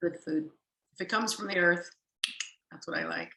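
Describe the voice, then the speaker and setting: A middle-aged actress, a guest in a casual interview, telling stories in a rambling, self-correcting way and laughing easily. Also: female voice, lowish voice, wildly swooping pitch, normal speed, sharp tone. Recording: echoey room.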